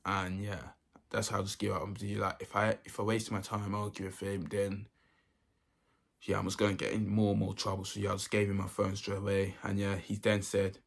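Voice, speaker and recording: A man's voice: lowish voice, completely flat delivery, fairly quick, creaky. A young man, telling a story in a casual, rambling way that keeps repeating itself. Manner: rambling, repeats himself often. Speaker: vlogger.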